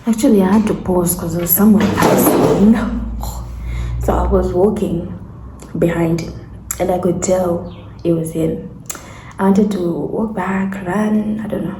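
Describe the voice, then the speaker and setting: A woman in her twenties from Zambia tells a casual story to her vlog audience, with animated laughing asides and acted-out quotes. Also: on the low side, unhurried, pauses often, a little hiss or hum. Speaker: vlogger. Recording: echoey room with faint ambience.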